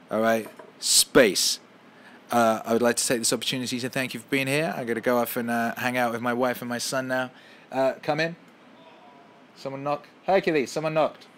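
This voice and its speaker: A man hosting a casual podcast at home, ranting with heavy swearing and loud heated outbursts. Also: medium pitch. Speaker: podcast host.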